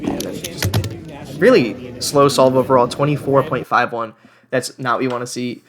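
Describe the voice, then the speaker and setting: A man's voice: mid-range voice, fairly even intonation, normal speed, a crowd in the background. A young man giving casual voice-over commentary, chatty and self-deprecating, often laughing at himself. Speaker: vlogger.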